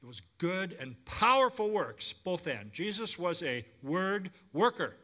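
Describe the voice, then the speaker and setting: Bright animated male pastor, slightly high voice, preaching a sermon with call-and-response. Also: measured pace. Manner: lively, calls for congregation responses.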